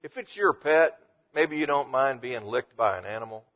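A man's voice: medium pitch, normal speed, highs cut off. A man teaching through Bible verses in a conversational way, reading each passage and then explaining it. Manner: conversational, reads verses and paraphrases them. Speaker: preacher.

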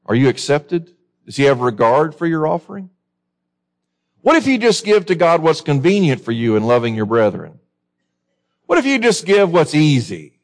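A man's voice: on the high side, very animated, normal speed, pauses often. A middle-aged man preaching a sermon, reading scripture aloud and putting questions to his listeners.

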